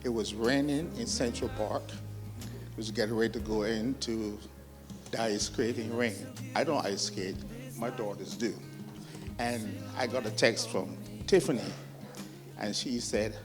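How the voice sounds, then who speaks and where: A middle-aged man, the bride's uncle, giving an earnest, measured wedding toast with pauses. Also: fairly low pitch, music in the background. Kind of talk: wedding speech. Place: wedding reception with music playing.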